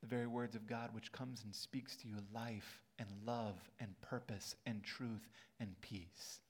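A man's voice: lowish voice, steady tone, unhurried, husky. A man preaching a sermon as pastor in a church sanctuary, earnest and building to emphatic peaks.

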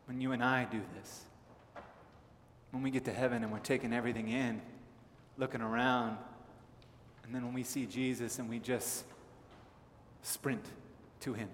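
Male pastor from Southern California, mid pitch, chatty sermon delivery, echoey hall. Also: normal speed, pauses often, slight background noise. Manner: conversational storytelling, animated in anecdotes. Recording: echoey hall with faint ambience.

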